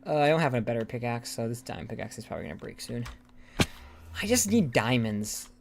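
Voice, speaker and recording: A man's voice: medium pitch, big pitch swings, fairly quick, gravelly, slight background noise. A young man from the United States chatting casually while streaming a game, rambling and swearing freely. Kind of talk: casual live-stream chat while gaming. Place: indoors, room by a hallway.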